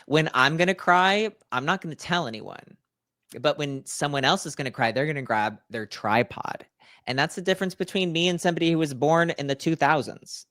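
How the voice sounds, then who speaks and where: A man in his thirties co-hosting a podcast, telling stories in an animated, playful way with acted-out asides. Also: a little high, a little fast, no echo, studio quality. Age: 30s. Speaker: podcast co-host. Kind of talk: casual chat.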